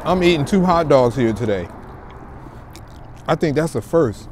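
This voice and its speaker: A man's voice: fairly high pitch, lively intonation, measured pace, darkish tone, a little hiss or hum. Chatty New man vlogging outdoors. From Newark, New Jersey. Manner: chatty, talks straight to viewers as "y'all". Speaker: food vlogger. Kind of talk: casual chat to camera. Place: outdoors in an urban park by a food truck.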